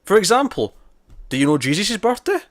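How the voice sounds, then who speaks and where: A man co-hosting a casual TV review podcast, talking in an animated, exasperated way and swearing now and then. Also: sits high, brisk, no room sound, clean studio sound. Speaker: podcast co-host.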